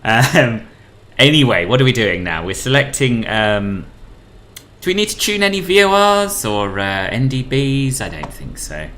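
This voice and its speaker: Streaming a flight sim, this British man reads out radio calls and banters with viewers, laughing a lot and addressing people as "boss." His mid-range voice has big pitch swings and a fairly bright tone, delivered at a measured pace over slight background noise.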